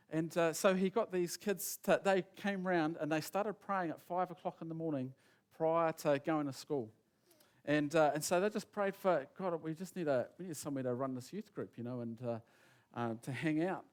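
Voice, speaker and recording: A man gives a sermon, his voice sitting a little higher than most men's. He rambles through an anecdote in a casual way and acts out each person's lines as he quotes them. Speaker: preacher. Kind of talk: sermon storytelling.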